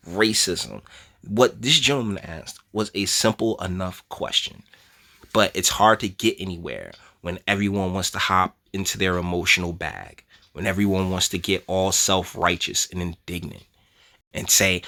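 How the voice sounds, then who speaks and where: A man's voice: a little slow, creaky. A man hosting a casual opinion commentary video, rambling with restarts and asides and laughing between phrases. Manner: animated, pitch jumps high when worked up, drops low and quiet when serious. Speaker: commentary channel host.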